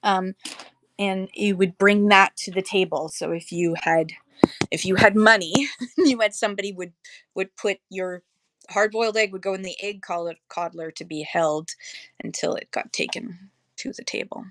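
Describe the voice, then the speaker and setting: A woman holding her phone indoors and chatting casually on a seller livestream, rambling and correcting herself with quick laughs. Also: medium pitch, fairly even intonation, fairly bright tone, no room sound. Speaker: online live-auction seller. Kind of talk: casual livestream chat and demo. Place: indoor room with shelves. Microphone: handheld phone.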